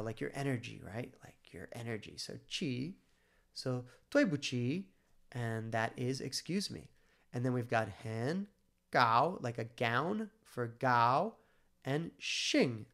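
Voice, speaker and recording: A man walking through his own language study method in a relaxed screen-share tutorial, thinking aloud with fillers and restarts. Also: medium pitch, vocal fry.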